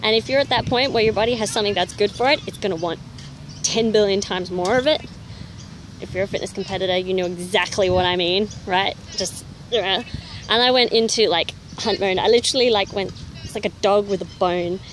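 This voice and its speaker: A young woman telling a personal story to camera in a casual, animated way, full of "you know" fillers. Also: medium pitch, brisk, a little hiss or hum. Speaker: fitness vlogger.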